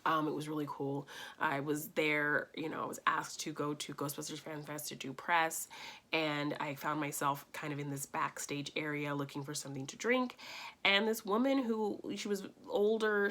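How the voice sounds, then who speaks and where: A woman's voice: sits low, moderate pace, fairly bright tone. A woman giving a casual movie review, talking with gushing enthusiasm and telling stories.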